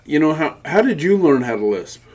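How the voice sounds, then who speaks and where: A man's voice: fairly high pitch, big pitch swings, a little fast, a little mellow. A man co-hosting a podcast in casual chat, reminiscing and quoting old TV shows. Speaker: podcast co-host.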